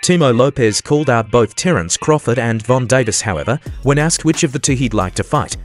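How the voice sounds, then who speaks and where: A man's voice: mid-range voice, expressive, brisk. Man narrating sports news. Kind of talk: scripted narration. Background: faint background music.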